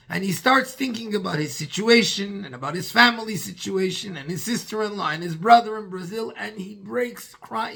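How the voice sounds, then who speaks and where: A rabbi telling a story in a sermon, acting out the dialogue with a husky voice and dropping in Yiddish and Hebrew terms. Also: male voice, high voice, sharp tone.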